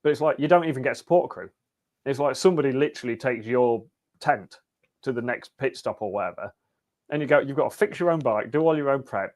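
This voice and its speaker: A man, a race team owner, chatting as a podcast guest in an easygoing, wry way. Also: medium pitch. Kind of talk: casual interview chat.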